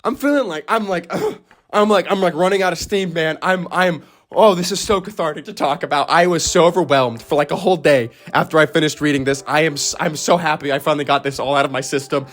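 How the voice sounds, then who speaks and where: A man's voice: fairly high pitch, fairly quick, a bit bright, soft background music. A young man talking alone, gushing about a story he loves, with frequent swearing, stammered restarts and sudden squealing voice cracks. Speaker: anime and manga reaction host. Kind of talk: excited solo reaction talk.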